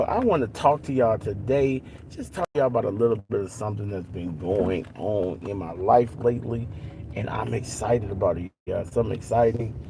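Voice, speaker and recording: An upbeat man, chatting casually to his live-stream viewers from a moving car and greeting them by name. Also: fairly low pitch. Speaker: vlogger. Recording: road noise from driving car. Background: car road noise.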